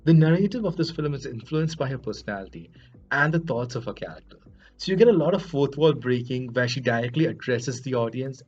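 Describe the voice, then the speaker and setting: A man hosting a podcast, giving a casual spoken film review in an earnest, chatty, self-deprecating manner with a husky voice. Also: mid-range voice. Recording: dull lo-fi recording, faint music.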